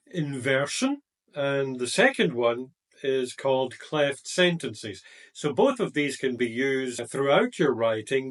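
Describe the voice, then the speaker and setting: A male language teacher walks through grammar points in a slow, deliberate lesson voice, leaning on the key words. His voice sits a little high for a man. The mic is set back a bit, so he sounds slightly distant. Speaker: IELTS teacher. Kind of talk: explaining grammar to the camera.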